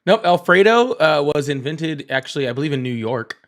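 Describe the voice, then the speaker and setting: Hosting a laid-back livestream, this man talks briskly in a fairly high, expressive voice. His rambling is full of fillers and false starts, and he calls out chat viewers by name while cursing casually.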